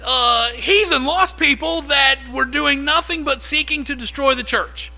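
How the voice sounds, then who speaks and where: High, bright-voiced man preaching. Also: unhurried, vocal fry, faint music behind, poor audio. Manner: conversational, animated preaching with acted-out quotes. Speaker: pastor. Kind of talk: sermon.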